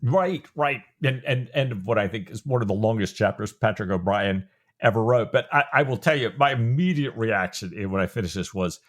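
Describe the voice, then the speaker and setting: Low-voiced man chatting about a book. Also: lively intonation, moderate pace. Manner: conversational, voices his own reactions, restarts. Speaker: podcast co-host. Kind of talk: book-discussion podcast chat.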